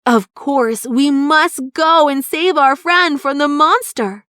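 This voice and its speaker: A woman voicing a brave, excited young girl in a children's story, speaking in an earnest, determined way. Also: high-pitched, slow pace, dry recording, clean studio sound, pitched above the performer's own voice.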